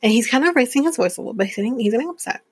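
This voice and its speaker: A woman's voice: on the high side, expressive, rapid-fire, slightly rough, no echo. A woman in her early thirties hosting a podcast, giving a blunt, profane, opinionated casual recap of a reality show. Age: early 30s. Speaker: podcast host.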